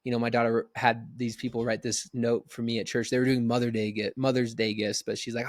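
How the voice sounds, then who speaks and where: A man in his thirties giving an energetic, conversational motivational business talk, often checking in with "right?". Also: mid-range voice, quick pace, few pauses, dry recording, clean studio sound. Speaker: business coach.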